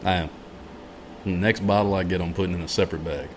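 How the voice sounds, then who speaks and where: A man co-hosting a casual podcast, needling and teasing with rapid questions. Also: deep voice, steady tone, noisy background. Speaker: podcast co-host. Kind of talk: casual chat.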